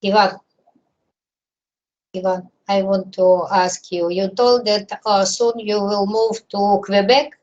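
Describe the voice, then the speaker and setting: Female student asking halting questions slowly; dull lo-fi recording from off-mic. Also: mid-range voice, fairly even intonation, darkish tone. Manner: hesitant questioning.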